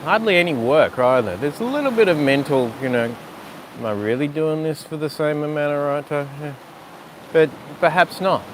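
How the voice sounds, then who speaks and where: A man guiding a yoga breathing practice outdoors on rocks by the sea, giving slow, soothing cues with pauses. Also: fairly high pitch, expressive, slight background noise. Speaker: yoga teacher. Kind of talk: guided yoga and breathing instruction.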